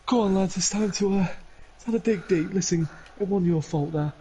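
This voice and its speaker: A man's voice: sits high, a little fast, dark tone, slight background noise, voice pushed up, natural voice. Man doing a flustered, apologetic football manager. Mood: coaxing. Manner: hesitant and apologetic, full of "um" and "mate". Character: nervous, flustered male youth football manager.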